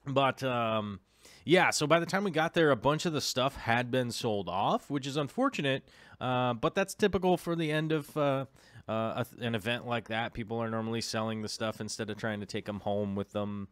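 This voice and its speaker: A man's voice: mid-range voice, normal speed, fairly bright tone, dry recording. A man vlogging casually about his hobby, rambling with many filler ums and chatty asides to the viewer. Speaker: aquarium vlogger. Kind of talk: casual vlog chat.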